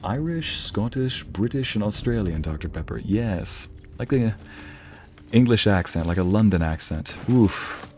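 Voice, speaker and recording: A man's voice: fairly low pitch, lively intonation, a little slow, a little mellow, slight background noise. A man streaming a game, chatting casually and musing aloud as he reads out messages from his chat.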